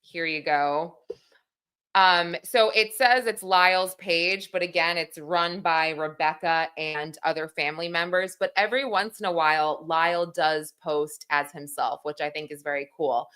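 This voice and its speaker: A woman's voice: low-pitched, a little slow, pushed and bright, clear, resonant tone. A woman in her thirties hosting a livestream, chatting casually, reading comments aloud and laughing at herself. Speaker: livestream host.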